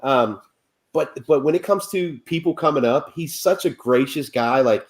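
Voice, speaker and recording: A man with a Midwestern country twang, chatting casually as a guest and telling animated stories. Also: a little high, moderate pace. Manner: animated storyteller who acts out quoted voices. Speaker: guest pumpkin carver. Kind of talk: casual chat.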